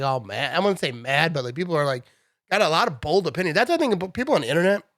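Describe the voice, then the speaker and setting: A man in his thirties giving a casual, animated sports rant to his viewers, full of "bro" and "dude". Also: fairly high pitch, dry recording, clean studio sound. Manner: animated, chatty, says "bro" and "dude" a lot. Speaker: sports vlogger.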